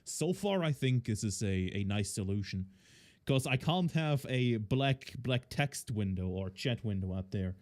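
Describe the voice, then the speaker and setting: A man's voice: on the low side, lively intonation, a little slow, darkish tone. Man rambling through a game stream. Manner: rambling and thinking aloud, many fillers. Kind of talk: casual gameplay commentary.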